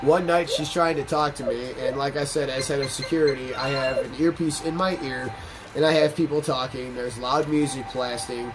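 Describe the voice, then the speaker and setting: A man's voice: mid-range voice, normal speed, rough recording. A man hosting a game playthrough, rambling through a long, profane personal story as he plays. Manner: rambling, profane, animated anecdotes. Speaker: let's play host. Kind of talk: casual gameplay commentary and storytelling. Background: game music.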